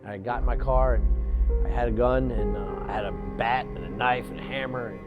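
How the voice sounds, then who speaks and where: A man in his forties giving an earnest personal testimony, halting and restarting, and acting out what others said to him. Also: mid-range voice, fairly even intonation, narrow, tinny audio, over loud music. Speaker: storyteller.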